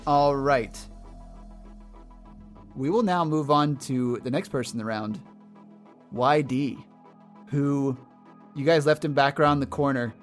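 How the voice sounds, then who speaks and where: A man's voice: medium pitch, unhurried, pauses often, faint music behind. Man running a tabletop game. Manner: relaxed, hesitant with fillers. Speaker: game master.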